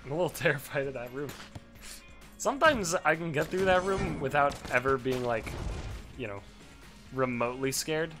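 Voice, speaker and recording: A man giving casual, profane let's play commentary as a gaming host, swinging into loud frustrated rants. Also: fairly high pitch, animated, moderate pace, long pauses. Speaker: gaming YouTuber. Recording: game music behind the voice. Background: game music.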